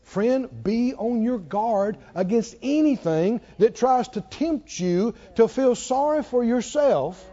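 A man preaching a sermon, swinging between hushed warnings and hollered lines and acting out a tempter's whisper. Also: extremely high pitch, animated, takes it slowly, few pauses, highs cut off.

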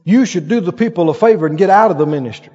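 Preacher, male, lively storytelling sermon, high voice with big swings, dull sound with a long hall echo. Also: fast talker, breathy edge. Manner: animated storytelling with laughs and acted-out quotes.

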